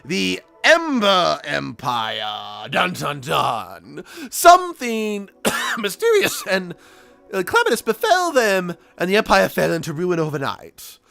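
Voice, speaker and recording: A man voicing a pompous old gentleman archaeologist in a game, with plummy theatrical exclamations. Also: sits high, huge pitch swings, slow pace, gravelly, pitched above the performer's own voice, heavily acted.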